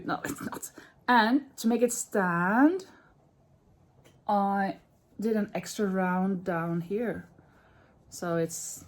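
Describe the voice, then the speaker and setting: A woman in her fifties whose first language is Norwegian talks her way through a craft project in a relaxed vlog. She thinks out loud, corrects her own words and chats to the viewer as she works. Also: mid-range voice. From Norway. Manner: chatty, thinks aloud, self-correcting. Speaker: crochet vlogger.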